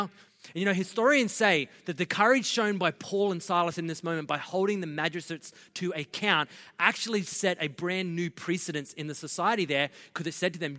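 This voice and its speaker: Aussie pastor guy preaching hard, bright sharp voice, lots of echo from a big hall. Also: sits high, fairly quick. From Australia. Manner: passionate, builds to loud emphatic preaching. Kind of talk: sermon. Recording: long reverb of a large hall.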